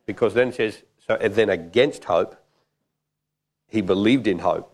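A man preaches a sermon in a loose, joking, conversational style. His voice is fairly low, and he fills the pauses between points with frequent fillers.

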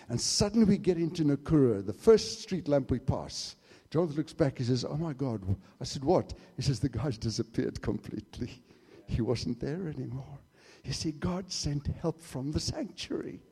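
A man preaching a sermon and telling a story, swinging from hushed asides to shouted exclamations. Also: a little high. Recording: long hall reverb.

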